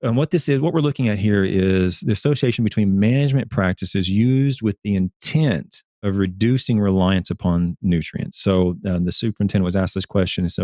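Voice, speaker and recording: A man who is a turf scientist, talking as a guest on a casual livestream, earnest and animated, often repeating and restarting his words. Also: fairly low pitch, a little fast, few pauses, no echo, studio quality. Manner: animated storyteller.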